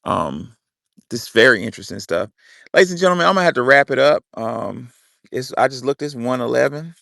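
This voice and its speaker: A man's voice: mid-range voice, lively intonation, fairly quick, creaky, a bit bright, no echo, studio quality. A young man hosting a loose, casual audio chat, swearing freely and cutting in on others. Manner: loose and profane, cuts in often. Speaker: host.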